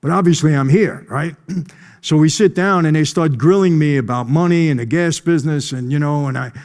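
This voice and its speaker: A man on a conference stage recounts a personal story with a mellow, warm tone. He talks emphatically and conversationally, stressing key moments and pausing now and then to clear his throat. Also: fairly high pitch, long reverb tail. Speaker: conference speaker.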